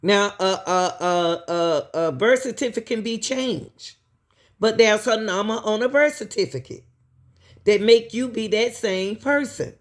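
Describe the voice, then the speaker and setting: A woman's voice: medium pitch, a little slow. A woman host giving emphatic commentary to her viewers, repeating herself and asking pointed questions.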